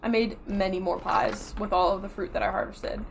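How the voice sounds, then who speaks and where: A woman's voice: medium pitch, steady tone, fairly quick, gravelly, background noise. Chatty woman with a Yooper accent. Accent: Upper Michigan (Yooper). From Upper Michigan, USA. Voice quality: rounded words with soft consonants. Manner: chatty and rambling, laughs often. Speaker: streamer. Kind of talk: casual chat while gaming. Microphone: close desk mic.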